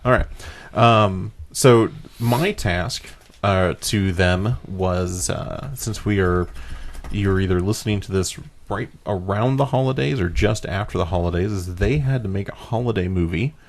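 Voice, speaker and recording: A man's voice: deep voice, a little slow, a little hiss or hum. A young man hosting a casual podcast, laughing often and explaining game rules with lots of fillers. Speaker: host.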